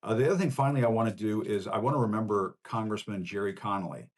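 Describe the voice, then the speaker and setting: A man's voice: lowish voice, quick pace. A man from Northern Virginia hosting a live show, signing off in a conversational, rambling, personal way. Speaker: host. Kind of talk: casual livestream sign-off.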